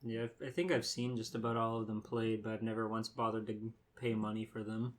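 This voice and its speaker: A man's voice: lowish voice, level tone, fairly quick. A man hosting a casual podcast chat, playful and joking, often breaking into laughs. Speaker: podcast host.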